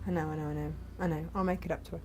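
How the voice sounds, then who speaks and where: A woman's voice: sits low, steady tone, rapid-fire, noisy background. Chatty woman hosting a craft show. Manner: chatty, laughing, trails off into asides. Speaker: host of a craft live show. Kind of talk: casual live chat selling fabrics.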